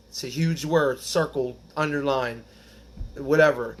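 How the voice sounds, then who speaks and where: A man's voice: medium pitch, steady tone. Earnest man sharing recovery story. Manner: earnest, halting, rises when reading the text aloud. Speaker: recovery group speaker. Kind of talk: personal testimony.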